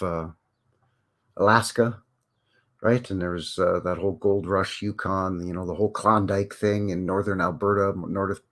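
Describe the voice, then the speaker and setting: Folksy man chatting live. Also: deep voice. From Canada. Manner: folksy, conversational, many fillers and asides. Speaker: livestream host. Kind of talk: rambling live-stream chat with viewers.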